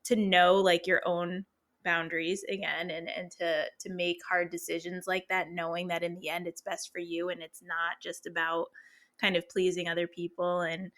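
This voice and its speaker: A woman host with a lowish, sharp, bright voice responds to her guest in a reflective, affirming way. She thinks aloud and uses filler words as she builds her point. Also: level tone, moderate pace. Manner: reflective and affirming, with many backchannel murmurs. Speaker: podcast host. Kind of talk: casual interview chat.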